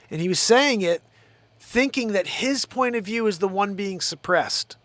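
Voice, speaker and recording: A man's voice: on the high side, fairly quick, fairly bright tone, no room sound. A man hosting his own show, ranting in a heated, profane, rambling way. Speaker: show host. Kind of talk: live-stream rant.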